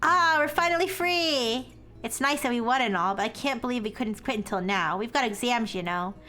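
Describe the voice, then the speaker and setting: A woman's voice: fairly high pitch, moderate pace, pushed and bright. A woman voicing gossiping teenage schoolgirls who complain in a catty, whiny way while reading game dialogue aloud.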